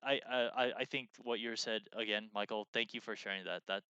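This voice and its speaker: A man's voice: on the low side, fairly even intonation, a little fast, sharp tone, clean tone, no echo, muffled recording. A man co-hosting a game design stream in casual chat, rambling with lots of fillers and restarts as he reads out viewer messages.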